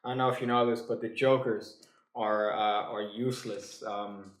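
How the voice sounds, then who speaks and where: A man's voice: lowish voice, steady tone, roomy sound. A man teaching a card trick in a casual, comic way. He stumbles over his words with many fillers and restarts, and he drops dry jokes as asides. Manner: halting, full of fillers and restarts. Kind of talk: casual comedic tutorial.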